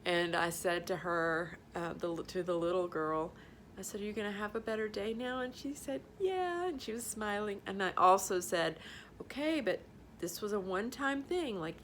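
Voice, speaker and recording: A woman's voice: lowish voice, a bit bright, a little hiss or hum. A middle-aged woman telling a heartfelt story in a casual vlog, emotional, laughing and tearing up, acting out the voices of the people she quotes. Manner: acts out voices in quoted lines. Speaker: vlogger sharing a school story.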